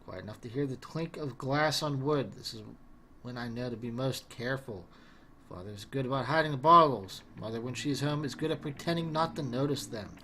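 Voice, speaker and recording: A man voicing a troubled young male wizard who recalls his father's abuse in a quiet, halting way. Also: mid-range voice, expressive, slight background noise. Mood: guarded.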